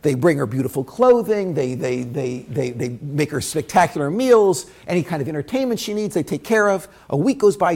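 A man teaching a Torah lesson through a dramatic story, swinging between loud bursts and hushed asides. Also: on the high side, slight background noise.

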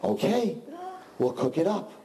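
A man's voice: sits high, sing-song, measured pace, creaky, dark tone, voice pushed up, exaggerated voice. A man voicing a blunt peasant wife in a told folk joke. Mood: curt. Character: shrill disgusted middle-aged peasant wife.

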